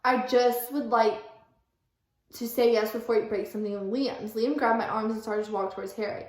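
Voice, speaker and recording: A woman's voice: on the high side, moderate pace, darkish tone. Giggly young woman vlogger in an echoey room. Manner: giggly, full of fillers. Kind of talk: casual reading aloud and retelling.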